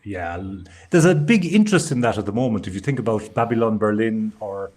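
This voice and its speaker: A man's voice: fairly low pitch, animated, brisk, darkish tone. Chatty man co-hosting a live stream. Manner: chatty, storytelling, wry asides. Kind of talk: casual live-stream chat.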